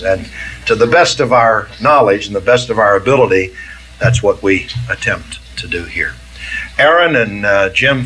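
Male pastor preaching slow, voice jumps all over, keeps repeating his point. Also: fairly high pitch, fairly bright tone, low-quality recording. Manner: emphatic, repeats key phrases, quotes scripture. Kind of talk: sermon.

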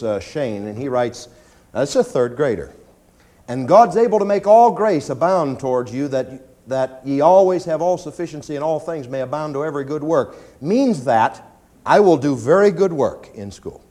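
A pastor preaching a sermon in church, animated and often mimicking whining prayers. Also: male voice, moderate pace. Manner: animated preaching, acts out pleading prayers in a high whine.

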